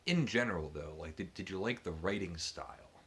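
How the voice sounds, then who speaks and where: A man's voice: low voice, animated, a little fast, breathy edge. A man voicing a blunt, well-spoken older male friend who asks pointed questions.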